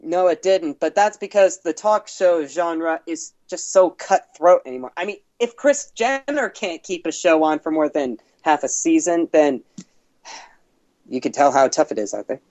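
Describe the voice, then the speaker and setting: Over an internet call, a man co-hosting an online news show as entertainment reporter reads the news copy, then cracks wry jokes about it. His voice is a little high and a little mellow at normal speed, in a dry recording with dull audio.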